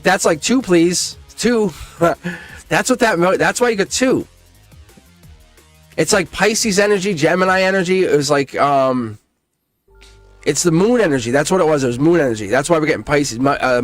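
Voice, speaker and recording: An excitable man reading tarot cards on a live stream, his fairly high voice swooping up and down as he talks. He laughs often and swears freely, all in a loose, casual way. Faint music plays behind him. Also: normal speed, dry recording.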